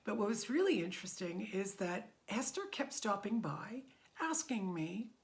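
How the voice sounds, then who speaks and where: A woman's voice: medium pitch, sing-song, moderate pace. A middle-aged woman instructor gives a heartfelt personal testimony to her community, her voice often wavering near tears. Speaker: meditation method instructor.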